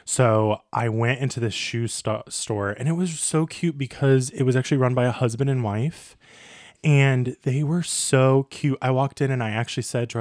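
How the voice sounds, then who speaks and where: An American man co-hosting a podcast, telling travel stories in a chatty, animated way. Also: mid-range voice, normal speed, no echo, clean studio sound. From United States. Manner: chatty storyteller, animated, laughs easily. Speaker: podcast co-host. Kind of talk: casual travel chat.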